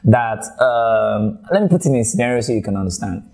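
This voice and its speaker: Nigerian male tutor, mellow and relaxed, chatty delivery with restarts. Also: on the low side, a little fast, vocal fry, husky. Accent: Nigerian English. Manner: conversational, repeats words while thinking. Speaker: IELTS tutor. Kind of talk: online teaching video.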